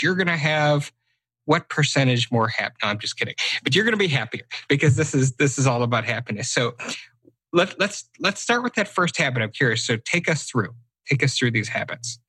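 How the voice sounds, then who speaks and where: A man hosts a podcast in a casual, joking way, restarting sentences as he goes. His voice is bright and forward, with a husky edge. It sounds dry and close to the mic. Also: a little high, dry recording. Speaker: podcast host.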